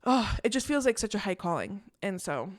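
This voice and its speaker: A young woman in casual chat, co-hosting a podcast, retelling a story in a chatty, animated way. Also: medium pitch, fairly quick, no room sound, studio quality. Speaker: podcast co-host.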